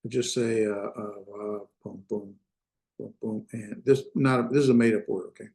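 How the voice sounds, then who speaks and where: A man's voice: lowish voice, steady tone, moderate pace, creaky, a little mellow. Man teaching in a roomy echo. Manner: explanatory, conversational, with many fillers and restarts. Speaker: Hebrew instructor. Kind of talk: online class lecture. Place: video call class. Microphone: computer mic on a video call.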